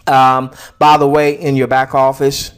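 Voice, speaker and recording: A man's voice: mid-range voice, monotone, unhurried, clear, resonant tone. A middle-aged man promoting an online business in a casual screen-share walkthrough, chatty with many fillers and repeats, fighting a slight cough.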